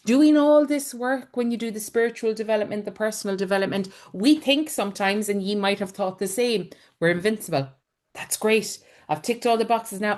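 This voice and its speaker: A woman's voice: medium pitch, animated, normal speed. Woman, middle-aged, spiritual coach on a group call, earnest and encouraging, shares her own stories. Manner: earnest, encouraging, personal storytelling. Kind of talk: spiritual teaching talk on a live group call.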